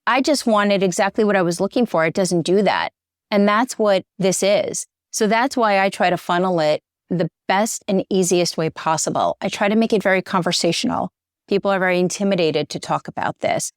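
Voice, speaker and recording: A woman's voice: medium pitch, brisk, no room sound, studio quality. A middle-aged woman, a journalist and interview guest, talking earnestly and getting choked up. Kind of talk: conversational interview.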